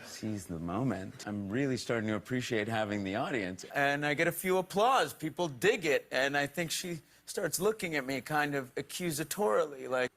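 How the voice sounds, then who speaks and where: A man's voice: mid-range voice, animated, moderate pace, hardly any pauses, fairly bright tone. A man telling a funny anecdote on a talk show, acting out the voices in his story and laughing along the way. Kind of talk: animated storytelling. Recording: clip from a broadcast talk show.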